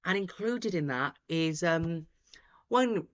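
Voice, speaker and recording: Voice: mid-range voice, animated, slow. A host giving casual, rambling live commentary from home, with many fillers and restarts. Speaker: host of a live results stream. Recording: dull lo-fi sound.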